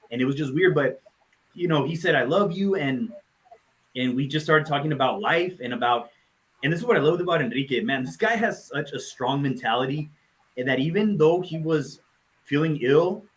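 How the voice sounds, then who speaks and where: Halting, heartfelt man remembering a friend. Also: fairly high pitch, low-quality recording. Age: adult, parent of a nine-year-old. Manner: heartfelt, halting with many restarts and fillers. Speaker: tribute speaker. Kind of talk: live session remembrance.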